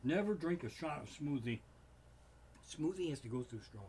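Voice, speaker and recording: A man, a comedian hosting a livestream from his living room, telling a rambling, profane monologue with sudden loud outbursts. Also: on the high side, expressive, moderate pace, a little hiss or hum. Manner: swears constantly, rants with sudden loud outbursts. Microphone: home streaming setup.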